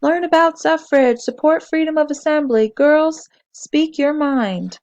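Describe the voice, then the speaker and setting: A storybook reader voicing a determined young girl protester, pitched high and loud when chanting. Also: moderate pace, creaky.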